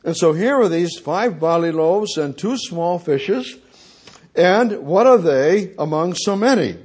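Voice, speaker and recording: Slow, husky, animated man preaching. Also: high-pitched. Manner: emphatic, repetitive, restarts and stammers. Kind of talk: sermon.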